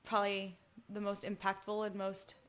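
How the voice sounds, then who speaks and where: Texan woman, musician guest, casual chat, lively storyteller who acts out the dialogue. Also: mid-range voice, moderate pace.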